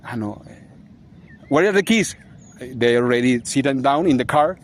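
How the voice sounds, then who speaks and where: A man's voice: mid-range voice, expressive, moderate pace. A man giving a rambling, agitated vlog monologue, swearing and laughing bitterly as he rants. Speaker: vlogger.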